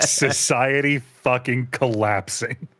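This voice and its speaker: A man's voice: mid-range voice, fairly even intonation, slow, a bit bright. A man co-hosting a casual comedy podcast, trading dry, jokey quips and chuckling. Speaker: podcast co-host.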